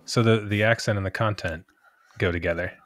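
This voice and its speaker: A man who grew up near Washington, hosting a podcast in a measured, storytelling way. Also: lowish voice, steady tone, fairly bright tone. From Washington DC area. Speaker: podcast host. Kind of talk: casual podcast chat.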